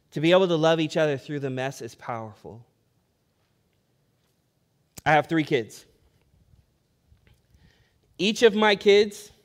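Guy pastor preaching, chatty storyteller, kinda high voice, gets louder with the punchlines. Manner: storytelling with rising emphasis, conversational. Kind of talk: sermon.

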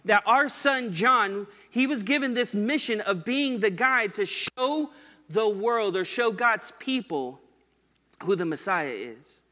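Male pastor, high and bright, casual teaching voice with a long hall echo. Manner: conversational, asks listeners "right?" often. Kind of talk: Bible study teaching.

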